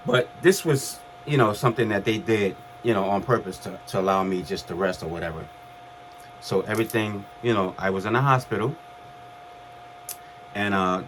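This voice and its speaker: A man's voice: lowish voice, a little hiss or hum. A man in his fifties from Brooklyn, New York, casually telling the story of his heart transplants, conversational with restarts. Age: 50s. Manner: relaxed, conversational, with restarts and acted quotes.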